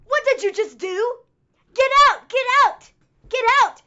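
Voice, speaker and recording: A woman imitating an angry man who scolds his tablemates at dinner, shouting indignantly. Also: extremely high pitch, unhurried, lo-fi sound, slight background noise, pitched above the performer's own voice, exaggerated voice. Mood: furious.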